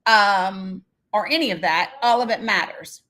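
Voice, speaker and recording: A woman's voice: medium pitch, unhurried, pushed and bright. A middle-aged woman hosting a live stream in casual chat, talking straight to her viewers by name, blunt and swearing freely.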